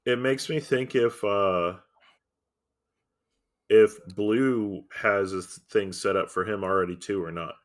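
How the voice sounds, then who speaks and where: Male co-host, lowish voice, hesitant and musing. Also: steady tone, slow. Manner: hesitant, thinking aloud. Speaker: podcast co-host. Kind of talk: casual chat.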